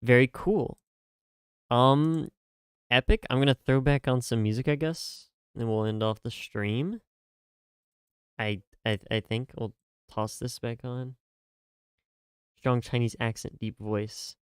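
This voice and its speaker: Rambling young male streamer, smooth voice. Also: medium pitch, fairly even intonation, takes it slowly, pauses often, no room sound, clean studio sound. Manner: rambling, jokey, self-mocking, many fillers and restarts. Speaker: streamer reacting to game music. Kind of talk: casual live-stream chat.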